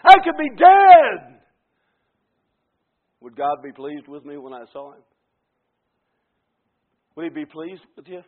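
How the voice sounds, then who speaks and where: A man preaching a fervent sermon, dropping to quiet asides and then building to shouted climaxes. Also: on the high side, normal speed, pauses often. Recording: tinny phone-like radio broadcast.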